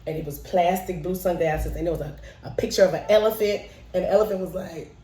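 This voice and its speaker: Brief: woman around forty, animated storyteller, roomy room sound with the mic set back. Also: lowish voice, fast, far from the mic. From Chicago, South Side. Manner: playful, lively, acts out voices and laughs often. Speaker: show creator telling a childhood story. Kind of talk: personal storytelling to camera.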